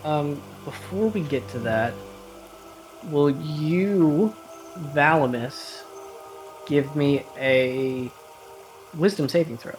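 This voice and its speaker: A man's voice: fairly high pitch, slow, long pauses, soft background music. A man running a tabletop game, narrating loosely with many fillers. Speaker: game master.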